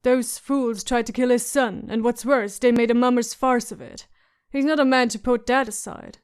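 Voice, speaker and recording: A woman's voice: a little high, steady tone, normal speed, smooth, natural voice. A woman reading an audiobook, voicing a stout scarred man who schemes in a worried, pressing manner. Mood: tense.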